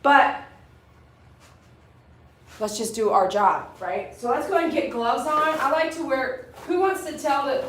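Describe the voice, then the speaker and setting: High-voiced woman groomer, roomy and distant. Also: a little slow, long pauses. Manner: chatty, coaxing a dog with short commands. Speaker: dog groomer. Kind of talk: casual grooming tutorial. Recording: roomy echo, mic at a distance.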